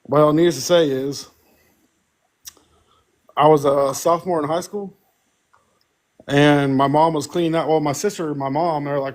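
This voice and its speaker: A man's voice: fairly high pitch, fairly even intonation, normal speed, long pauses. A young man co-hosting a casual podcast, animatedly telling a family story, acting out voices and laughing often. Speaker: podcast co-host.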